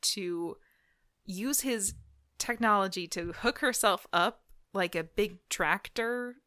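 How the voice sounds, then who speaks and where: A woman's voice: mid-range voice, takes it slowly, bright, forceful tone, no room sound, studio quality. A woman co-hosting a podcast in casual chat, talking with lots of fillers and frequent laughs. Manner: chatty, laughs often, many fillers. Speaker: podcast co-host.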